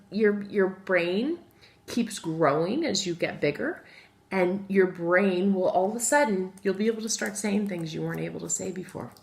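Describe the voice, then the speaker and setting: A woman with a low voice teaches a phonics lesson to young children. She speaks patiently and addresses them directly, slowly spelling out each word letter by letter. She sounds middle-aged. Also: creaky. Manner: talks directly to children as guys.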